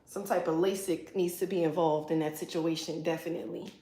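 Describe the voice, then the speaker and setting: On a livestream from her salon suite, an East Coast stylist removing hair color jokes around with the chat, teases viewers and swears freely. Her low-ish, mellow voice is brisk and fairly even, with room echo.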